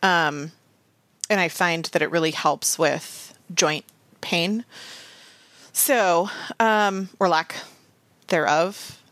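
A woman's voice: on the low side, fairly bright tone, dry recording. A woman co-hosting a podcast, chatting casually and running through a sponsor read with rambling asides. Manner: quick, rambling, self-aware asides. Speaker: podcast co-host.

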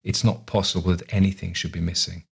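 A man playing a young officer in a storybook, curt and nervous. His replies are clipped and low, with a husky edge. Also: little pitch movement, brisk, full character voice.

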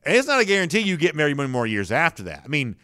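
A man's voice: fairly high pitch, big pitch swings, rapid-fire, pushed and bright, dry recording, clean studio sound. A man hosting a sports talk show, giving casual, opinionated commentary with frequent fillers and restarts.

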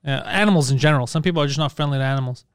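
A man in casual banter, cracking quick profane jokes and rambling about a movie. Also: mid-range voice, smooth, dry recording, studio quality. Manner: quick, joking, profane interjections.

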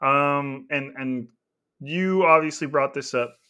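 A man's voice: mid-range voice, slow, pushed and bright, clear, resonant tone. Chatty male podcast host. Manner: chatty, laughing, heavy on filler words. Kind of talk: casual sports podcast chat.

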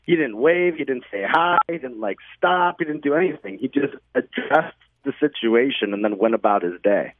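A man's voice: mid-range voice, expressive, moderate pace, few pauses, no room sound. A man telling stories in a casual interview chat, rambling with lots of likes and you-knows. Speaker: podcast guest, show host. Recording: dry, phone-like audio.

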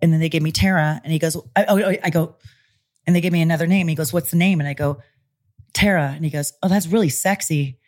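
A former pro wrestler, a Californian woman in her forties, talks fast in a low-pitched voice during a casual interview at a Los Angeles studio. She's animated in her storytelling and imitates the voices of people she quotes.

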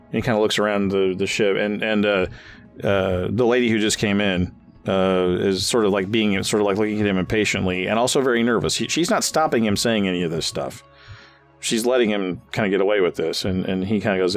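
Low-voiced man running a tabletop game. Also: a little fast, soft background music. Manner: rambling, many fillers and restarts. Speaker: game master.

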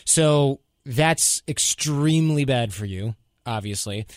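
A man hosting a podcast, talking casually and handing out practical tips. His voice sits in a middle pitch range and comes across dry and close to the mic. He jumps into quick acted-out quotes now and then. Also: no room sound. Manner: animated, advice-giving, mock-quoting himself. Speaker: podcast host.

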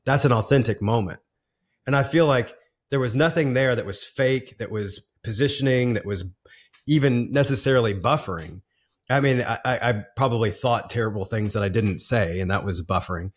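A man's voice: medium pitch, moderate pace, breathy edge. A man in his forties, a podcast guest, telling a personal story in a casual, earnest way with frequent laughs and restarts.

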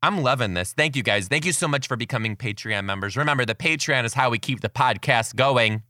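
Animated, bright-voiced male podcast host. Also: mid-range voice, brisk, no echo, clean studio sound. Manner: chatty and excitable, laughs often. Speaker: podcast host and kindergarten teacher. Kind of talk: casual storytelling monologue.

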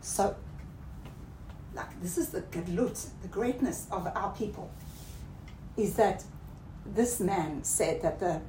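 A woman's voice: takes it slowly, long pauses. Woman teaching Torah in an echoey room. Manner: mixes Hebrew terms into English, checks in with "okay?"; rising emphatic pitch when stressing points. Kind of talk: lecture to a class. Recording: roomy echo, faint background noise.

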